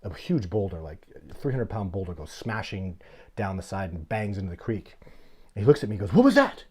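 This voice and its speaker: A middle-aged man hosting a casual live Q&A, telling stories in an animated, blunt, plainspoken way. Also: sits low, brisk, slightly rough. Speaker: host of a livestream Q&A.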